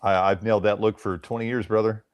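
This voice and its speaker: A man's voice: lowish voice, level tone, quick pace, no room sound. A man from Tennessee, a guest in a casual chat, rambling, repeating words and swearing casually.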